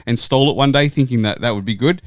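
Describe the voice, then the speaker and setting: A man's voice: medium pitch, fast talker, dry recording, studio quality. A young adult man with an Australian accent, retelling a childhood story with swearing and playful mimicry. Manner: animated, swearing storyteller who mimics others. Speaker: co-host. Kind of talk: casual podcast chat.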